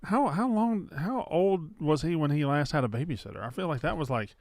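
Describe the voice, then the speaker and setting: A man with a fairly high, very lively voice, co-hosting a casual sports podcast. He jokes around and fires off quick questions. The sound is dry and close, with no room around it. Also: no room sound. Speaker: podcast co-host.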